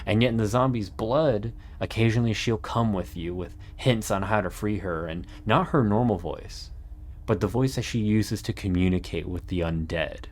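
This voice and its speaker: A man narrating a scripted video essay in an earnest, measured way with dramatic pauses. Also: on the low side, darkish tone, a little hiss or hum. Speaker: YouTube narrator.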